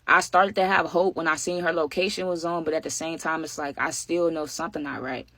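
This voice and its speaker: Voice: medium pitch, steady tone, brisk, pushed and bright, no room sound. A vlogger telling a true story in casual narration, full of "like" and "you know what I'm saying," talking straight to the viewers. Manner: talks straight to viewers as "y'all".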